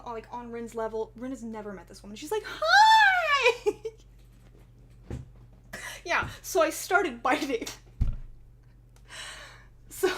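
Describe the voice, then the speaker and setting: A woman's voice: high voice, a bit bright. A young woman chatting casually with viewers on a livestream, giggly and often laughing as she talks.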